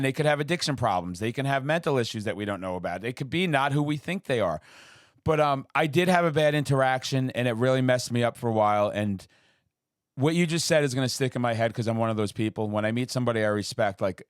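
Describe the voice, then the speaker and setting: A man hosting a casual interview, telling stories with excitement and acting out quotes in high voices. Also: dry recording, studio quality. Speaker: podcast host.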